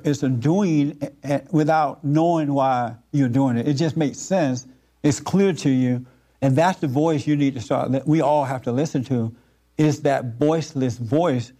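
A man giving an informal spiritual talk to a group, earnest and repetitive, with frequent halting fillers. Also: medium pitch, mellow.

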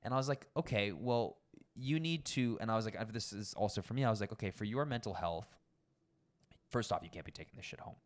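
A young man, a sommelier, telling work stories in a casual interview, animated and acting out the people he quotes. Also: on the low side, fairly quick. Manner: animated, acts out quoted people, frequent swearing. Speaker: guest sommelier.

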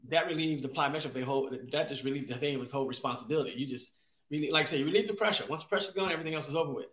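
A man's voice: a little high, rapid-fire, fairly bright tone. A man co-hosting a podcast, explaining exercise in casual chat, asking himself rhetorical questions and restarting often. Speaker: podcast co-host, exercise expert. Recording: roomy, dull lo-fi sound.

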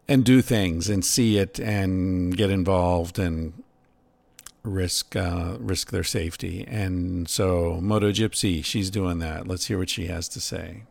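Middle-aged male podcast host, low gravelly voice, reflective and unhurried. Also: darkish tone, no echo. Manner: musing, unhurried, swears casually. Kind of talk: reflective casual monologue.

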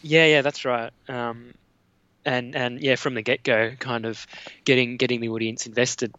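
A man's voice: mid-range voice, flat delivery, moderate pace, sharp tone, no room sound, lo-fi sound. A man with an Australian accent, a podcast guest, talking through film opinions with many fillers and restarts. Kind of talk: casual film discussion.

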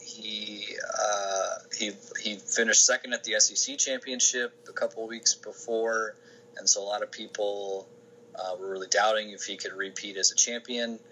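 Interview guest: man, lowish voice with a bright edge, rambling casual answers full of restarts, faint hiss behind. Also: fairly even intonation, normal speed, rough recording. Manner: rambling, many restarts and fillers. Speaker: sports information director, podcast guest.

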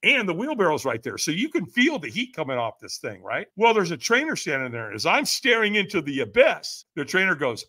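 A man telling a personal story as a podcast guest, emphatic and animated, acting out the voices of people he quotes. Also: high voice, moderate pace, hardly any pauses.

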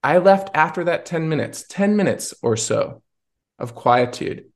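Gravelly, earnest male podcast host. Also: on the high side, animated, a little slow. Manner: earnest, searching, with frequent restarts and fillers. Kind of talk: reflective personal storytelling in conversation.

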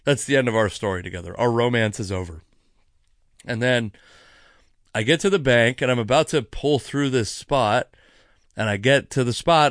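Animated, profane man on a dry mic. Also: mid-range voice, no room sound. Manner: animated, profane, rambling with asides. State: sipping wine. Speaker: podcast host. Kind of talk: casual storytelling monologue.

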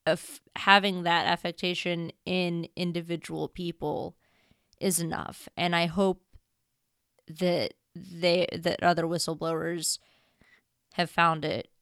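A woman's voice: on the low side, fairly bright tone, clear, resonant tone, dry recording, clean studio sound. A woman hosting a podcast in a casual, gushing and heartfelt monologue, with a tearful edge. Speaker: podcast host.

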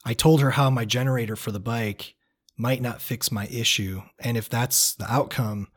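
A man reading his own first-person travel story aloud in a reflective, measured, quietly earnest way. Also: mid-range voice.

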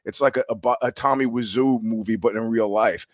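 A man's voice: medium pitch, steady tone, a little fast, dry recording. Guy rambling on his own livestream, wry, self-mocking, dull dry headset sound. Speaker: show host. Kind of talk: live-streamed solo monologue. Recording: dull dry lo-fi stream audio.

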